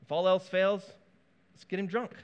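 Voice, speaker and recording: A man's voice: high-pitched, level tone, normal speed, clean tone, lo-fi sound, voice pushed up, close to an everyday voice. A preacher voicing a scheming ancient king who coaxes his soldier in a breezy, casual way. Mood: coaxing. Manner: breezy, coaxing.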